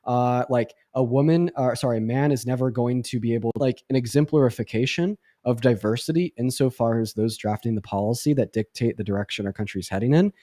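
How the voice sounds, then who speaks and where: Young male stream host, quick sarcastic rambler, dry close sound. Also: mid-range voice, mellow, no room sound. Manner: rambling, filler-heavy, sarcastic. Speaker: livestream debate host. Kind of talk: casual livestream chat.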